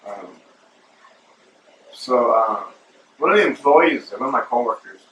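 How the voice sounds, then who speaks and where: A man's voice: mid-range voice, lively intonation, unhurried, a bit bright, slight background noise. A man hosting his own show, telling a long casual story full of fillers and asides to the listener. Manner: rambling, filler-heavy, calls listener bro. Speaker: show host. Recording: roomy echo, distant from mic.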